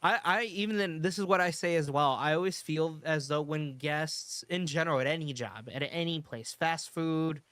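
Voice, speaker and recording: A man's voice: on the high side, moderate pace, few pauses, a bit bright, clear, resonant tone, no echo. A man chatting casually on a podcast, rambling through a work story with many restarts. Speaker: podcast host. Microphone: streaming studio mic.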